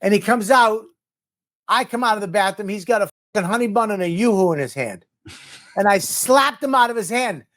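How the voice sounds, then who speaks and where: A man's voice: high-pitched, animated, fairly quick. A man tells a story bluntly and swears freely, raising his voice when he acts out a quote. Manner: blunt, profane, acts out shouted lines. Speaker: comedian. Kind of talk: casual storytelling.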